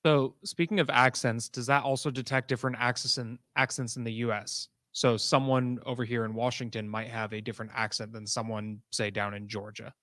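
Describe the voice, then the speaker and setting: Flat-voiced man asking from the audience. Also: medium pitch, brisk, few pauses, no room sound, clean studio sound. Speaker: audience member. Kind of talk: question from the floor. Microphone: handheld microphone.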